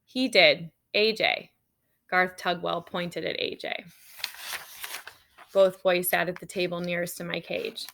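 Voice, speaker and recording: Woman, children's book read-aloud, expressive storyteller voice, casual with the kids. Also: on the low side, a little slow, vocal fry, pauses often, a little hiss or hum.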